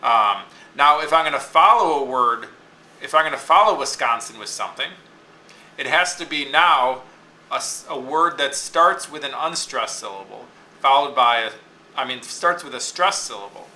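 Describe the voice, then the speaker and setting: A man's voice: medium pitch, animated, normal speed, sharp tone, reverberant, poor audio. A man teaching a lesson, explaining step by step and often checking in with "okay?". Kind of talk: classroom lecture on poetic meter.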